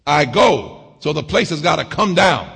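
A middle-aged man preaching a sermon as pastor, calling for amens and swinging from low murmurs to shouts. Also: big pitch swings, moderate pace, creaky, husky, big-room sound. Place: church sanctuary.

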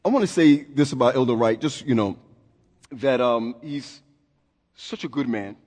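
Male pastor, 40s, mid-pitched, loose conversational sermon delivery, long church-hall reverb. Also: normal speed, a little mellow, breathy edge. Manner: conversational, self-deprecating, with restarts. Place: church sanctuary.

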